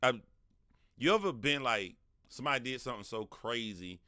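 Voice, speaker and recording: A man hosts a casual livestream, commenting animatedly, talking back to his chat, and laughing often. His mid-range voice is expressive, pushed, and bright at a moderate pace. The sound is clean studio audio with no echo.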